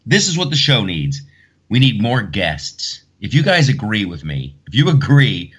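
A man hosting a podcast, rambling through his thoughts in a loose, casual way. His voice sits a bit low but moves around a lot in pitch. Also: very animated, a little slow, fairly bright tone, slightly rough. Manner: rambling, thinking aloud with restarts. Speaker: podcast host. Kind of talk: casual solo podcast talk.

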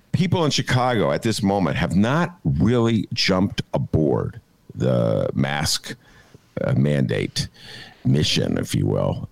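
A man's voice: low voice, vocal fry, no echo. A man hosting a podcast, talking in a rambling, casual way with lots of fillers as he tells stories and riffs on the news. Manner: rambling, animated storyteller with many fillers. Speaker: podcast host. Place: apartment.

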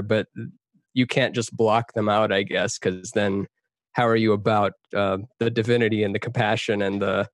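A man's voice: lowish voice, no echo. A man who is a guest on a podcast in casual interview chat, talking in a reflective, rambling way with hesitations and dry jokes.

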